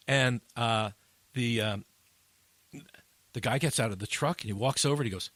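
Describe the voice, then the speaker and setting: A man hosting a casual podcast chat, telling an animated story that climbs high at the funny parts. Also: a little fast, no echo. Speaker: addiction interventionist, podcast host.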